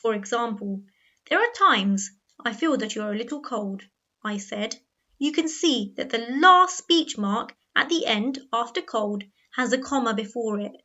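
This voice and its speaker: A woman teaching a grammar lesson, explaining clearly and patiently and slowing down on key words. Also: on the high side, expressive, pushed and bright. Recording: dull lo-fi voice-over.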